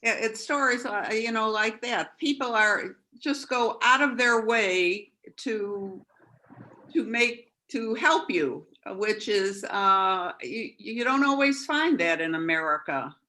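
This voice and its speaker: Older woman, unhurried, bright and clear, reflective guest. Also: a little high, poor audio. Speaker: participant. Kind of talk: casual group chat.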